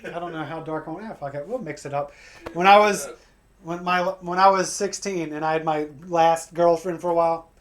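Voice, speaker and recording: A man's voice: fairly high pitch, fairly even intonation, fairly quick. Profane American man ranting on stage. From United States. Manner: profane, ranting storytelling with acted-out phone calls. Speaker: stand-up comedian. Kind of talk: stand-up set.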